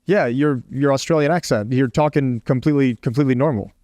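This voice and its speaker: Brief: eager rambling male host, clear and dry. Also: medium pitch, brisk, a little mellow, no room sound. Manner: rambling, restarts questions, eager. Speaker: host of a comedy podcast sketch. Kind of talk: comedic mock interview.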